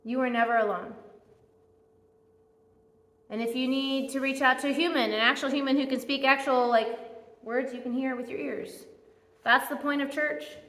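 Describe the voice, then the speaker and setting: Bright-voiced woman preaching in an echoey hall. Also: sits high, steady tone, normal speed, pauses often. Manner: earnest, conversational preaching with heartfelt spoken prayers. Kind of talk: sermon. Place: church sanctuary.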